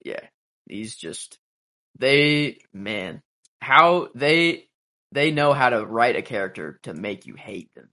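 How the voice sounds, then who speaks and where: A man casually discussing a TV episode with his co-host, musing in a relaxed, halting way. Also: medium pitch. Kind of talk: casual show recap chat.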